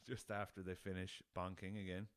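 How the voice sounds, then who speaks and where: A man's voice: low voice, little pitch movement, unhurried, a bit bright, smooth, dry recording. A young Irish man hosting a solo podcast in a casual, rambling way, laughing at his own jokes and swearing freely. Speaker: podcast host.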